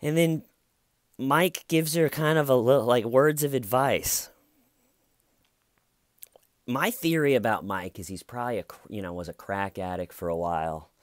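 A man's voice: mid-range voice, animated, normal speed, long pauses, no room sound, clean studio sound. A man giving casual, blunt and sardonic commentary on a true crime case.

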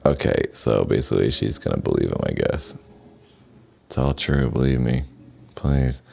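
A man streaming a video game, reading the dialogue aloud in a flat voice and adding his own casual asides. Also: extremely low pitch, normal speed, gravelly. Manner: reads the subtitles aloud flatly, with asides.

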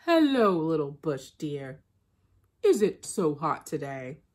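A woman voicing a lazy, scheming male spider trickster who grows angry and insists loudly. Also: low voice, big pitch swings, slow pace, pitched below the performer's own voice, exaggerated voice. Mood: sly. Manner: insistent, rising to shouting.

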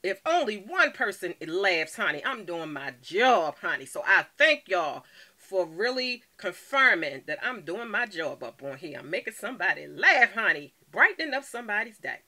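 A woman's voice: medium pitch, sing-song, normal speed, bright, forceful tone. A woman vlogging casually from home to her viewers, playful and calling everyone honey. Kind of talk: casual video chat to viewers.

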